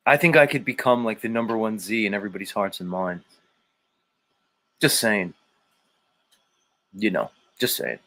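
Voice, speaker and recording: A man's voice: fairly low pitch, normal speed, pauses often, pushed and bright. A man hosting a casual livestream, reading viewer comments aloud, rambling and joking with profanity and humming to himself between comments. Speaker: livestream host.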